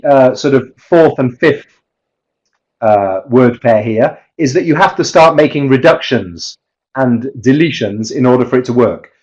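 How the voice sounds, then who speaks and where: A man's voice: mid-range voice, a little mellow, highs cut off. A man giving an online webinar presentation on teaching pronunciation, explaining step by step and chanting rhythm drills.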